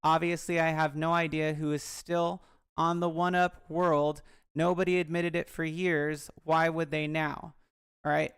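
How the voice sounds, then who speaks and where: Woman youtuber rambling frankly, gravelly but smooth voice. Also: sits low, little pitch movement, unhurried. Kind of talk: casual commentary vlog.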